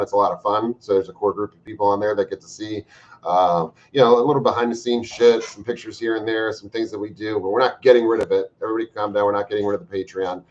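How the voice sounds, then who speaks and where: Low guy swearing and joking on a live stream, kinda dull lo-fi sound. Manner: profane, joking, bursts of loud emphasis. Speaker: livestream host reading viewer comments. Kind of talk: casual livestream chat. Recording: slightly dull lo-fi stream audio.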